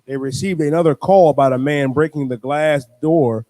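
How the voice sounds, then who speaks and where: A man reading a news article aloud as co-host, in a flat, halting way. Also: fairly high pitch, dry recording.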